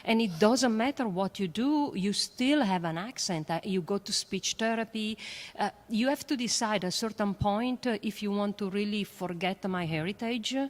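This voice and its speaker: A woman with an Italian accent, a native Italian speaker, speaking earnestly as a panelist and educator. She often pauses on "uh" and restarts her phrases. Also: medium pitch. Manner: earnest, halting with many fillers. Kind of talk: panel discussion.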